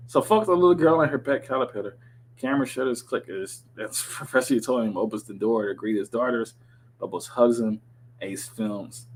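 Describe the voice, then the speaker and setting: A man's voice: mid-range voice, a little fast, rough recording. A man reading a TV script aloud on his podcast, breaking off into profane, sarcastic commentary.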